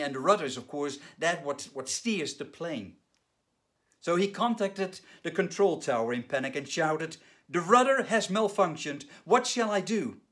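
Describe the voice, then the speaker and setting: Earnest man preaching a slow sermon. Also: fairly high pitch. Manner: dramatic retelling with rising, urgent quoted cries; earnest, measured preaching with pauses and small restarts. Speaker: pastor.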